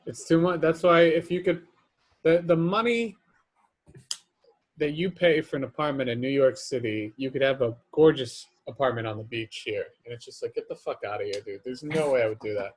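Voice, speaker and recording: A man's voice: mid-range voice, moderate pace. A young man in casual podcast chat, bluntly complaining and swearing about things he dislikes. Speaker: podcast co-host.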